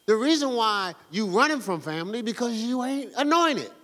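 Male pastor, sermon, fervent and slangy; lively delivery with long hall echo. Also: very high-pitched, normal speed. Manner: fervent and conversational, slangy, exhorting the congregation.

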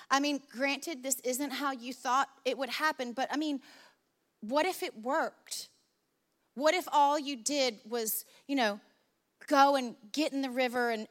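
A woman preacher with a high voice tells stories in a lively, chatty way. Her tone is bright and clear, and her sermon sounds conversational rather than stiff.

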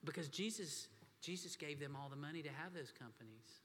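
A man's voice: fairly high pitch, fairly quick, hardly any pauses, a bit bright, a little hiss or hum. A man preaching a sermon as pastor, telling folksy stories and talking to the congregation as y'all. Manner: folksy storytelling, addresses crowd as y'all. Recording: long hall reverb.

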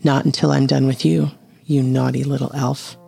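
A storyteller voicing a lusty, teasing young man in a low, breathy way. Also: little pitch movement, normal speed, dark tone, soft background music.

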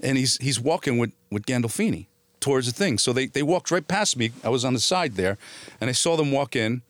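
A man's voice: medium pitch, no echo. Swearing New man telling stories. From born in Italy, raised in New Jersey. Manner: animated storyteller, acts out quoted voices, swears freely. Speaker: guest actor. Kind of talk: storytelling in a podcast interview.

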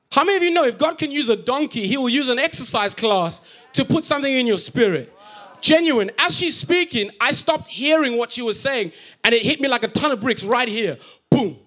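High-voiced, animated male preacher. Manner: animated, joking, acts out quotes. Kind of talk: humorous storytelling sermon. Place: church.

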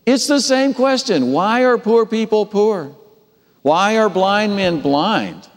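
A man preaching a sermon, telling the story with animated delivery and acting out the characters' voices. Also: high voice, takes it slowly, long reverb tail. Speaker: pastor.

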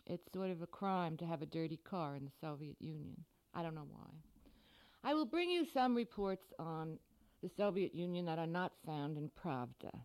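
A middle-aged woman author from the United States, giving a scripted radio talk with dry, deadpan humor. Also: deep voice, moderate pace.

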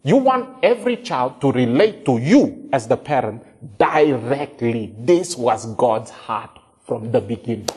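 A male preacher giving an animated sermon, acting out prayers and dialogue in shifting voices. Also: medium pitch, a little slow. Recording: long hall reverb.

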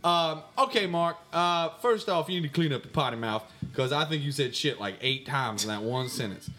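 A man's pushed, bright voice comes through at a moderate pace with a little hiss or hum on the recording. As a comedy podcast co-host answering fan mail in character, he goes mock-pompous, bouncing from high squeaks to low mutters.

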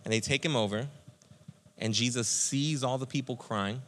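A man pastor giving a conversational, energetic sermon, speaking to listeners as friends. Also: mid-range voice, normal speed.

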